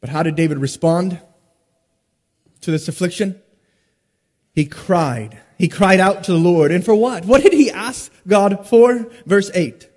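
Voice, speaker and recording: A man with a high-pitched voice preaches a sermon in a large sanctuary, and his words ring out with a long hall reverb. He swings between loud, emphatic stresses and hushed, slowed drops, often pausing on rhetorical questions. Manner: rhetorical questions and dramatic pauses. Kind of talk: expository sermon.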